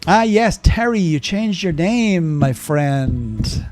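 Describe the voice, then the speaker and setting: A man's voice: fairly high pitch, expressive, slow, music in the background. An older man streaming a game live, chatting casually and rambling through viewer questions with lots of ums and asides.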